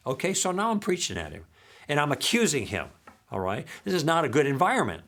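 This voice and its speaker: Speaking fast in a fairly high voice, an apologetics teacher gives a recorded talk full of stories from his conversations. He animatedly plays both parts and frequently asks his audience "okay?"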